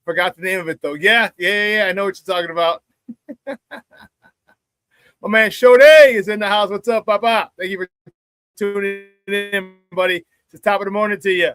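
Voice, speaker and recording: A man's voice: high-pitched, fairly even intonation, moderate pace, long pauses, a bit bright, clear, resonant tone, no echo. A man hosting a casual live sports talk show, chatting with viewers, laughing often and repeating phrases for emphasis.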